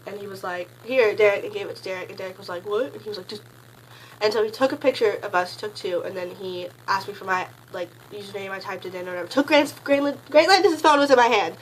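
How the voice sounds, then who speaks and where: A teenage girl telling a story in a casual vlog, gushing and rambling, packing her sentences with "like" and jumping into excited high squeals. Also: fast, slight background noise, poor audio. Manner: gushing, rambling, heavy use of "like"; bursts into high excited squeals when quoting. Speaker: concert fan recounting a meet and greet.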